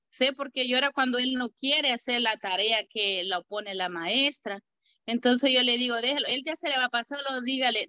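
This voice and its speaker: A mother sharing how she calms her son, quick and animated, acting out what she tells him. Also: a little high, muffled recording. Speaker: parent. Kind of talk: sharing at a parent meeting.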